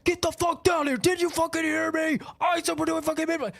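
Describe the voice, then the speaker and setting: A man imitating a furious, foul-mouthed young male teammate who shouts orders during a game. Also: very high voice, flat delivery, brisk, creaky, voice pushed up, full character voice. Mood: yelling.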